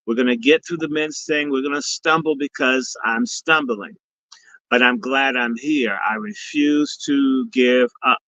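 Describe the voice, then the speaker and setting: A man's voice: medium pitch, expressive, measured pace, sharp tone, dry recording. A man speaking as a guest on a live stream, mixing preachy blessings with profanity. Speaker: guest speaker and summit organizer. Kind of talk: casual live-stream talk. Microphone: video call. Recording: dull lo-fi stream audio.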